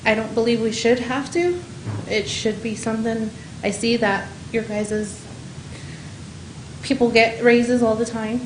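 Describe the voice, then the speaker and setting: A woman making a public comment at a county meeting as a home care provider, frustrated and pleading, speaking haltingly into a podium microphone. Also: fairly high pitch, steady tone. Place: council chamber. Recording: echoey meeting room with faint noise.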